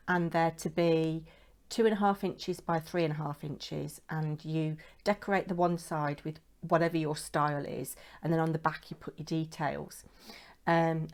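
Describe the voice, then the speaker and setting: Chatty British woman with a gravelly low voice. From United Kingdom. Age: middle-aged. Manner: chatty and rambling, showing crafts. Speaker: craft vlogger. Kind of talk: casual chat to camera.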